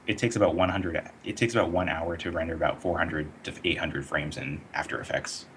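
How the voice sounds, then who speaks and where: A man working as an animator, answering questions in a casual online interview in a relaxed, explanatory way with many fillers. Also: sits low, a little fast, a little hiss or hum.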